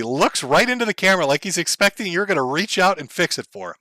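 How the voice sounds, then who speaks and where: A man's voice: high voice, big pitch swings, fast talker, sharp tone, dry recording. A man giving profane, sarcastic commentary over a clip he is streaming, laughing often. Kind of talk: casual mocking commentary.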